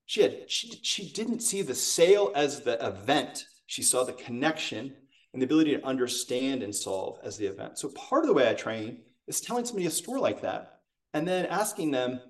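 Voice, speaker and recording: A male sales coach talking conversationally as a podcast guest, animated and full of stories. His voice has a middle pitch and sounds a little distant from the microphone. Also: a little fast. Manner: animated, acts out quotes. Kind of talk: conversational storytelling.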